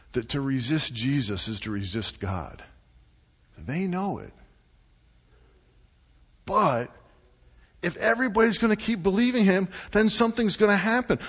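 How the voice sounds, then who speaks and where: A man preaching a sermon, animated and deliberate, swinging between loud and hushed delivery. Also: high voice, husky. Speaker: pastor. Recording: muffled, echoey church hall.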